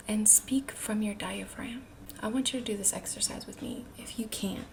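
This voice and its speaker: A woman giving a self-help talk, speaking slowly and deliberately, often dropping into a breathy near-whisper. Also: medium pitch. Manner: demonstrates different ways of speaking.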